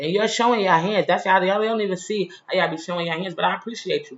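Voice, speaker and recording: A man's voice: sits high, fast. A man telling a personal story in a casual, heated, slang-filled monologue, retelling a frustrating day. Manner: animated, heated, slangy retelling with frequent "you feel me". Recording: roomy, slightly dull recording.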